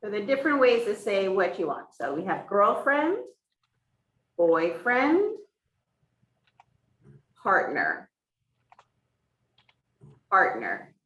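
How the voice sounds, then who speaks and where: With huge pitch swings, a slow pace, and long pauses, a woman's medium, slightly bright voice interprets a teacher's sign language lesson in the first person, going step by step. It's recorded from far off in the echoey classroom of a hybrid in-person and online class.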